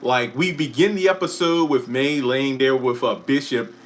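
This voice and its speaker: A man hosting a casual live stream who chats about a TV finale, answers viewer comments, and often breaks off with quick asides and apologies. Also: medium pitch. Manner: chatty, self-interrupting, apologetic asides. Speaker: YouTube live stream host.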